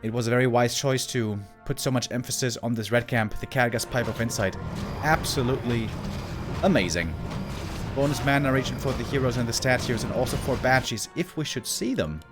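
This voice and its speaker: Over music, a man with a mid-range voice briskly commentates a strategy game match as an esports caster. He keeps it chatty, shouting at the big plays and wandering into offhand remarks for the audience.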